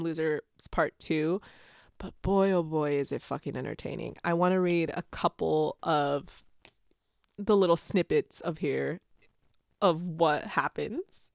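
A woman's voice: on the low side, smooth, dry recording, studio quality. A woman hosting a casual podcast, swearing freely and giggling as she talks about and reads from a book. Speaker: podcast host. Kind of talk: casual chat and book reading.

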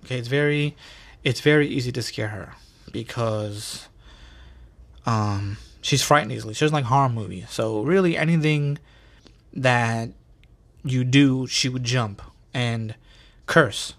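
A man's voice: mid-range voice, unhurried, pauses often, a bit bright. Slangy, profane man telling stories. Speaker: podcast host. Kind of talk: casual storytelling.

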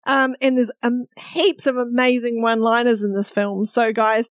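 A woman's voice: a little high, little pitch movement, normal speed, dry recording, studio quality. A woman co-hosting a podcast, asking questions in a bubbly, giggly, casual way. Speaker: podcast co-host. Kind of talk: casual chat.

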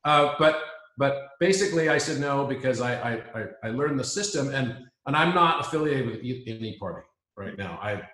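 A man muses aloud in a reflective spiritual chat, earnest and prone to restating his points. His voice sits at an ordinary pitch for a man. The recording carries a noticeable roomy echo. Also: expressive, fairly quick, a bit bright. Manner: musing, earnest, circles back to restate points. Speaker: guest.

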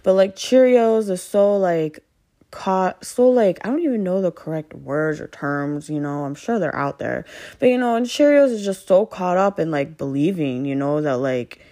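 A woman's voice: fairly low pitch, expressive, moderate pace, dark tone. A woman talking off the cuff in a loose, rambling way, packed with filler words and swearing, often exasperated and asking rhetorical questions. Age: adult with children. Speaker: vlogger venting about her partner. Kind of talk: casual unscripted monologue.

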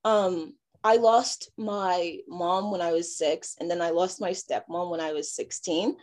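A young woman from Nigeria, giving a halting personal testimony full of fillers and restarts. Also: fairly low pitch, steady tone, darkish tone. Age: young adult. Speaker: interviewee.

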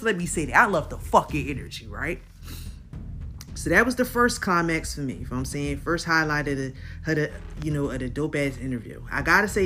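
A woman's voice: low-pitched, bright, forceful tone, a little hiss or hum. A woman hosting a podcast in casual chat, recapping an interview in slangy talk and often checking in with her listeners. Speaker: podcast host.

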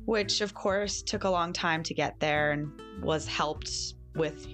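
A woman's voice: low-pitched, takes it slowly, a bit bright, soft background music. A woman who works as a holistic coach, speaking as an enthusiastic podcast guest. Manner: enthusiastic, self-help phrasing.

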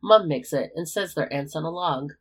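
Earnest, easygoing teenage wizard with a husky tone, read by a storyteller. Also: mid-range voice, moderate pace, natural voice.

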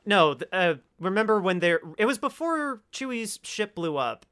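A man in casual conversation about a film, enthusiastic and quick to laugh, with frequent exclamations. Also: high-pitched, very animated, a bit bright, clean tone. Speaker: podcast co-host.

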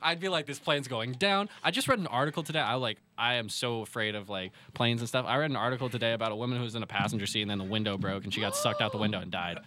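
A man's voice: fairly low pitch, racing, hardly any pauses, sharp tone. A young man hosting a casual chat, rambling and laughing often.

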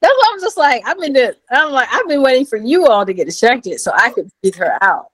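A woman's voice: brisk, low-quality recording. A woman in her thirties telling a personal story as an interview guest, acting out what others said in a raised voice. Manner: animated, acts out quotes in a high voice. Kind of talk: casual storytelling.

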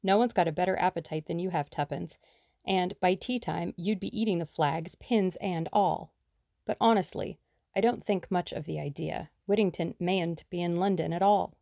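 A woman's voice: on the low side, moderate pace, gravelly, dark tone, no room sound, studio quality. A woman reading the lines of a lazy, teasing young man in an audiobook, speaking in a mock-formal, joking way.

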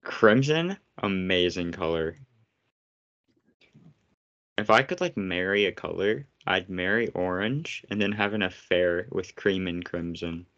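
A man's voice: low voice, lively intonation, measured pace, a bit bright. A man co-hosting a podcast in casual chat, blunt and teasing. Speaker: podcast co-host. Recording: slightly muffled podcast audio.

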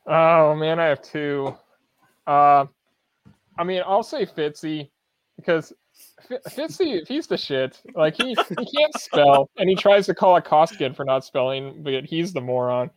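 A man's voice: a little high, lively intonation, unhurried, no echo. A man chatting casually on a movie podcast, leaning on "like" and loose phrasing. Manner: loose and casual, lots of fillers like "like". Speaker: podcast co-host.

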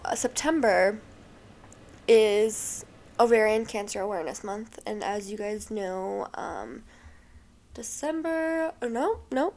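A woman's voice: a little high, a little mellow. A young woman hosting a podcast, talking casually and emotionally with lots of fillers, sounding tired. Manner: chatty and emotional, many fillers. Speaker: podcast host.

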